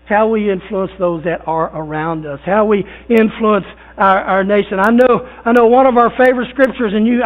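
A man preaching a sermon as pastor, in a folksy, conversational way with repeated phrases and fillers, recorded in a church. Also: high voice. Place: church sanctuary. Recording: thin phone-like sound.

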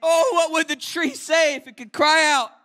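A man preaching a sermon in a church as a guest speaker, with impassioned passages that swell into shouts and quieter, quick joking asides. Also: very high-pitched, fairly even intonation.

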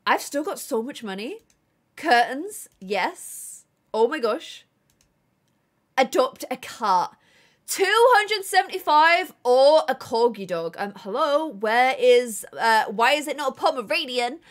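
A woman's voice: high-pitched, big pitch swings, slow. A woman from England, chatting casually with viewers on a live gameplay stream and reading chat aloud.

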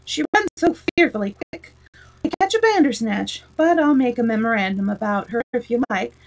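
A woman's voice: a little high, animated, normal speed, vocal fry, slight background noise, low-quality recording. A woman voicing a nervous, quavering old king in a storybook reading. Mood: fretful. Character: fretful timid old male king.

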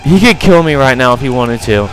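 A man's voice: medium pitch, animated, a little fast, a bit bright, faint music behind, rough recording. A young man commentating a horror game, jumpy and panicky, often crying out in fright. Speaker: gameplay commentator.

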